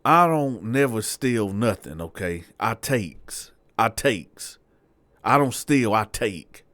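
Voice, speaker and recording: Man putting on a brash high-voiced convict. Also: expressive, slow, fairly bright tone, dry recording. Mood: aggressive. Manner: brash, blunt, swaggering, cursing. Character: aggressive street-tough older male convict.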